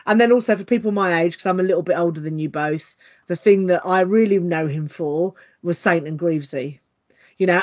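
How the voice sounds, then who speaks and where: A woman's voice: on the low side, muffled recording. A woman, co-hosting a football podcast and rambling with many fillers and hesitations. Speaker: podcast co-host. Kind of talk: casual football chat.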